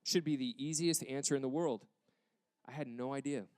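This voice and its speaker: Smooth-voiced young American pastor. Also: male voice, mid-range voice, normal speed, no echo. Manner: animated storytelling with acted quotes. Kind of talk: sermon storytelling. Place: church campus.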